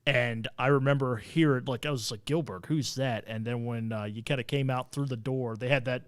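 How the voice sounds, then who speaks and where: A man's voice: medium pitch, steady tone, normal speed, clean tone, no room sound. A man hosting a casual podcast interview, talking in an easygoing, reminiscing way. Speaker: podcast host.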